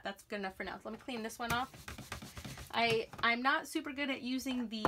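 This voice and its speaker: A woman's voice: a little high, bright, forceful tone, slight background noise. A woman talking casually through a card-stamping tutorial, thinking aloud as she works. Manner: chatty, self-talking while working. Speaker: stamping demonstrator.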